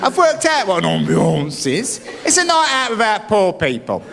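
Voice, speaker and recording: A male stand-up comic, telling stories in a high, bouncy voice that swoops around a lot. He mocks the people in his tales. Loud audience laughter and heavy noise sit under the live recording. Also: big pitch swings, moderate pace, creaky. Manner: wry, storytelling, mocking voices for quoted people. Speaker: stand-up comedian. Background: crowd laughing.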